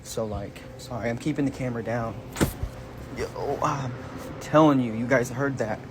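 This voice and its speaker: A man's voice: medium pitch, noisy background. A man filming himself on a phone during a night shift, talking nervously to the camera in street slang. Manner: jittery, scared, talks to the camera in street slang. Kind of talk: nervous self-recorded vlog.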